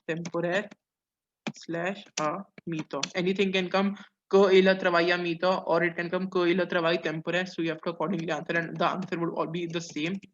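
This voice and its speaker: A man teaching a French lesson online, translating phrase by phrase and pausing on "uh"s as he explains. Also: sits high, level tone, a bit bright, a little hiss or hum. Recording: dull lo-fi audio.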